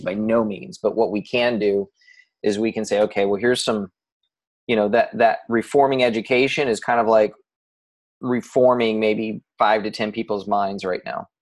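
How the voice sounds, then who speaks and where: A man's voice: fairly low pitch, a little mellow. A man coaching a client on a casual call, blunt and swearing freely, with many restarts.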